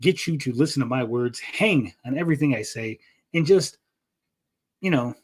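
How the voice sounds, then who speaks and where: A man's voice: medium pitch, lively intonation, normal speed, husky. A man hosting a casual livestream, rambling and joking as he reads out chat messages. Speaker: livestream host.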